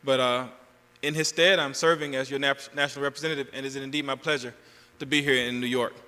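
Bright Southern man speaking in a hall. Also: medium pitch, fairly even intonation, fast talker. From Georgia, US South. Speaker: national representative giving a convention address. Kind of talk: speech at a convention. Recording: long hall reverb.

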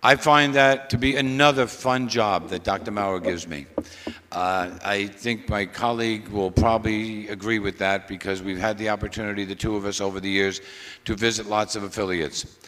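A man introducing a colleague at a convention, speaking in a relaxed, wry way with some halting restarts. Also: fairly low pitch. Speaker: affiliate president introducing a speaker. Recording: long hall reverb.

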